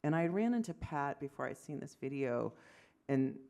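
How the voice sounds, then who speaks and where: Woman, 50s, physician lecturer, fry-edged voice, lively storyteller. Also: rumbling low, moderate pace. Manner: animated storytelling, acts out dialogue, self-deprecating asides. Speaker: physician giving an award lecture. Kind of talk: lecture to medical audience.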